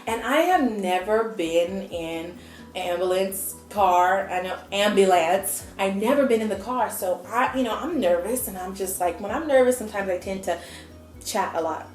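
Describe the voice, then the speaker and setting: A woman's voice: mid-range voice, normal speed, faint music behind. Chatty young woman telling a story. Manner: chatty, animated, acts out quotes. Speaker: vlogger. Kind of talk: casual storytelling. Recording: echoey room.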